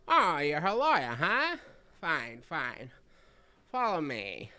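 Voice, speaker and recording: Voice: medium pitch, huge pitch swings, slow pace, pushed and bright, exaggerated voice. A streamer voicing a curt, impatient prison guard in a brusque put-on voice while playing a story game. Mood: gruff.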